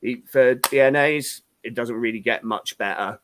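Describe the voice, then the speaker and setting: A man's voice: medium pitch, moderate pace, a bit bright, no room sound. A man chatting casually as a regular on a panel show, rambling and swearing with lots of filler words. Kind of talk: casual banter.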